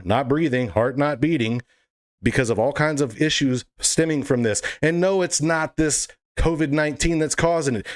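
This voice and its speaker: A man delivering an impassioned monologue to camera as a political video blogger, fiery, emphatic and indignant. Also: mid-range voice.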